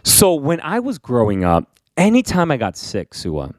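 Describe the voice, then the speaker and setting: A man in his forties, born in Korea, co-hosting a podcast and telling a lively personal story with laughter. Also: mid-range voice, moderate pace, no room sound, clean studio sound. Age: 40s. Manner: animated, laughing, acts out voices. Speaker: podcast co-host. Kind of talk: casual storytelling chat.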